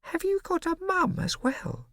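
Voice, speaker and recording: A man puts on a small, excitable boy for a storybook, his voice pitched far above his own. The boy sounds breathless and wide-eyed, with a dry, close sound. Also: a little slow, dry recording, full character voice. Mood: eager.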